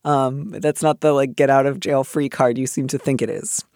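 Animated man with a dry sound. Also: medium pitch, moderate pace, no echo. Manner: animated, many restarts and fillers. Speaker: advice podcast co-host. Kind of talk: casual advice chat.

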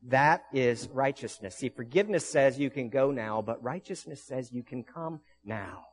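A man preaching as pastor, telling stories with earnest conviction and frequent restarts. His voice sits at an ordinary middle pitch. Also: moderate pace. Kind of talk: sermon.

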